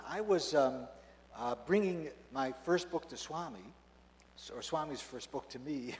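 A man telling a story, pausing often on fillers as he searches for words. His voice is slightly higher than most men's, and it carries into a hall with a long, trailing reverb. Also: darkish tone. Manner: hesitant, many fillers. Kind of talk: casual storytelling.

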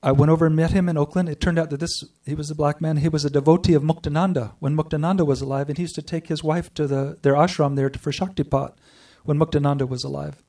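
A man giving an earnest personal testimony to a group, telling his story with pauses and restarts. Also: a little high, steady tone, mellow, distant mic. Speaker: speaker sharing a personal spiritual story.

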